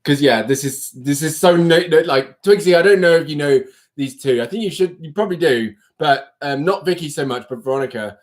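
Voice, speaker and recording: A man's voice: fairly high pitch, a little fast. A man hosting a live stream, chatting casually in a giggly, rambling way. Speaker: livestream host. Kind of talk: casual chat.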